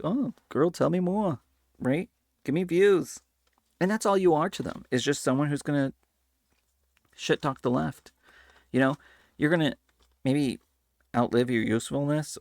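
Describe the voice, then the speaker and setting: A man talks straight into the mic for his commentary channel, his mid-range voice carrying a gravelly edge. The sound is dry with no room around it. He gets animated and drops into mocking voices now and then. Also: mid-range voice, no room sound. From Hispanic Latino background. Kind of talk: casual political commentary.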